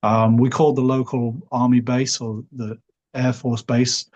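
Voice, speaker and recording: A middle-aged man with a Liverpool English accent, a podcast guest telling a long story in a relaxed, rambling way full of "sort of" and "you know". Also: mid-range voice, measured pace. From Liverpool, England.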